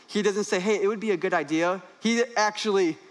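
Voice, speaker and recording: High-voiced young man preaching. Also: brisk. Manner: animated, humorous preaching with rising emphasis. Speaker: pastor. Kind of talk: sermon. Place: church stage.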